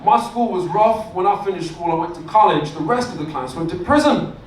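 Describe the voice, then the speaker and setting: A stand-up comedian tells his stories deadpan and lands punchlines in a high voice. He is heard from a distance in a roomy club, with live-room noise behind him. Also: a little fast.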